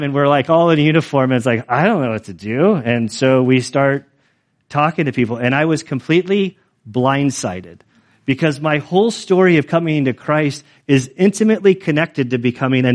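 A man's voice: on the high side, animated, normal speed. A middle-aged man preaching as a pastor in a casual, conversational storytelling way, full of fillers like "like". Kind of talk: storytelling sermon.

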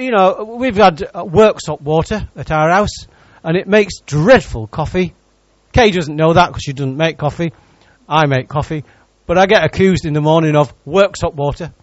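A man's voice: high-pitched, no room sound, dull audio. A man preaching a sermon as pastor, teasing and joking with his congregation between points. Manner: lively, teasing preacher who jokes with the congregation.

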